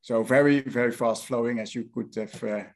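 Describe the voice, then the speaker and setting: Middle-aged Dutch-accented man, company director guest, halting and hesitant explanations. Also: medium pitch, steady tone, darkish tone. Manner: halting, many uh fillers, technical explaining. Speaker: guest, managing director of a remediation firm. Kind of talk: interview answers.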